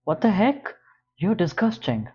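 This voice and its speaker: A man's voice: sits high, very animated, unhurried, husky, muffled recording, voice pushed up, exaggerated voice. A man reading an audiobook, voicing a defensive young college woman in a raised, strained, urgent voice. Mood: alarmed.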